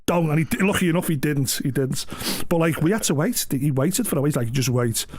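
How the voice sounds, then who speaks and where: A man's voice: a little high, lively intonation, fast. A middle-aged man, chatting casually on a live stream, rambling through anecdotes with frequent swearing and laughs. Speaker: game streamer.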